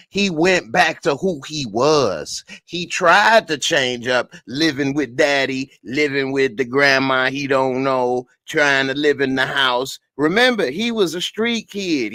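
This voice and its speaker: A tired man chatting his way through viewer comments, laid-back and full of slang. He takes his time, and his tone stays bright. The sound is dry and close. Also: mid-range voice, no room sound. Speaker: TV show reviewer. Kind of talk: casual live-stream chat, reading viewer comments.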